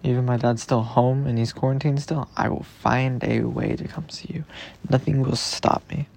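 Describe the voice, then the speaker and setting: Gravelly young man, softly affectionate. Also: medium pitch, fairly even intonation, moderate pace. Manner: tender, rambling, teasing, drops into soft whispers. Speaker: podcaster speaking to his girlfriend. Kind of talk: intimate personal voice message.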